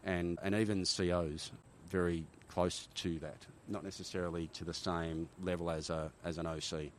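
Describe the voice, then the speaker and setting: A middle-aged Australian man, a former army helicopter pilot, telling animated stories in a casual interview, often checking in with "right?". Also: low voice, moderate pace, a little hiss or hum. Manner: animated war-story telling, frequent "right?" tags.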